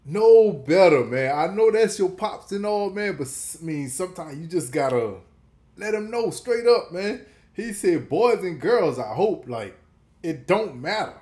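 A man's voice: high-pitched, expressive, unhurried, a little mellow. A man hosting a reaction video, talking in laid-back slang and laughing often. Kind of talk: casual reaction commentary.

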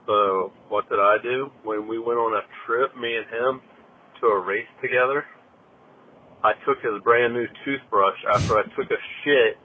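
A man's voice: medium pitch, steady tone, normal speed, phone-quality sound, a little hiss or hum. A man with a Southern US accent calling in to confess a crude, boastful revenge story by voicemail. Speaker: caller.

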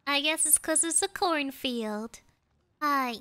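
Woman gamer, high bright voice, fake Southern drawl, unhurried, playful third-person banter. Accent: put-on Southern US. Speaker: streamer. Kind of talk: casual gaming commentary.

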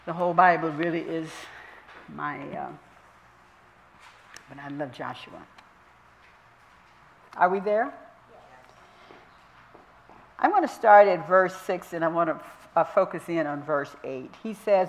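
A woman's voice: low-pitched, highs cut off. Emphatic woman minister teaching scripture. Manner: emphatic, repeats and drawls scripture slowly. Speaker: minister teaching Bible study. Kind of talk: sermon-style Bible teaching. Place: church.

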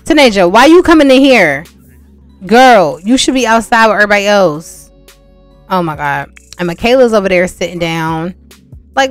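A young woman giving casual, chatty gameplay commentary, talking straight to her viewers with exasperated asides. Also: fairly low pitch. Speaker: gameplay vlogger.

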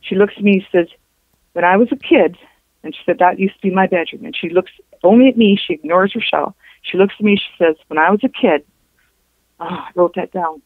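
A woman, a guest on a show, recounting a personal story in a halting way, with restarts and reported dialogue. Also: lowish voice, no room sound. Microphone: telephone. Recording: tinny phone line.

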